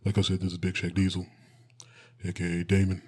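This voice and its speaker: A laid-back, boastful celebrity athlete, as a podcast co-host puts him on. The voice sits very low and barely moves in pitch, with a husky grain. It is a comedic impression in casual podcast chat. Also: male voice, completely flat delivery, brisk, darkish tone.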